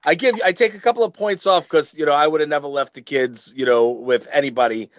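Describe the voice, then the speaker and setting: A middle-aged man co-hosting a podcast, chatting casually, rambling and stammering with loud laughs. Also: on the high side, quick pace, no room sound. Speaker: podcast co-host. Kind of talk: casual chat.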